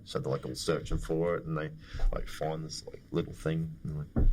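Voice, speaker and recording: A man's voice: very deep voice, flat delivery, fairly quick, gravelly, darkish tone. A young Australian man co-hosting a podcast, chatting casually and telling a joking story. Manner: storytelling, joking, laughs often. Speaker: podcast co-host. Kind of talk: casual chat.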